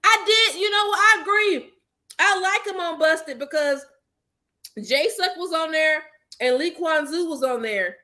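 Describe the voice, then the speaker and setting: A woman's voice: very high-pitched, unhurried, pushed and bright. A woman hosting a podcast in casual group chat, blunt and joking, often laughing. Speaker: podcast host.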